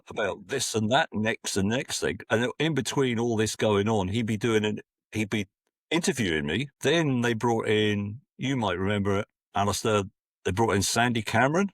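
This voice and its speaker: A man's voice: on the low side, lively intonation, normal speed, dry recording, clean studio sound. A man in his sixties from Scotland, a podcast guest telling rambling anecdotes full of restarts. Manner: rambling, with frequent restarts and acted-out quotes. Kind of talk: casual anecdotal storytelling.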